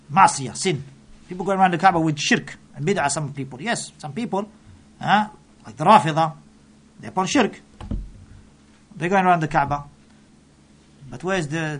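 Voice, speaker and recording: A man preaching a sermon, emphatic and full of rhetorical questions, reciting scripture quickly in between. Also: fairly high pitch, a bit bright.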